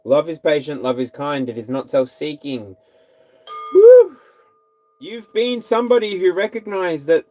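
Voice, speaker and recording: A man giving a casual tarot reading, animated and repetitive, now and then singing or whooping. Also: on the high side. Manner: animated, repeats phrases, breaks into scat singing and whoops. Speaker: tarot reader.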